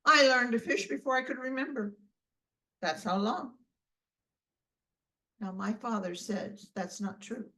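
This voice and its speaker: A woman's voice: fairly high pitch, sharp tone. Older woman spinning a folksy tale. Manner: folksy, unhurried. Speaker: storyteller. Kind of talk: tall tale told over a video call. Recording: distant mic.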